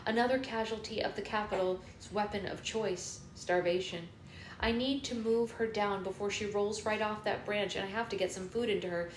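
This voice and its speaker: A woman's voice: mid-range voice, normal speed, echoey room, slight background noise. A woman reading a novel aloud for a livestream book club, narrating steadily in the first person. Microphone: phone.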